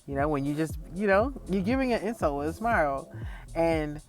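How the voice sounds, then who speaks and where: A man's voice: a little high, animated, moderate pace, soft background music. A man telling a story in a casual, profane vlog rant and laughing often. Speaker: vlogger.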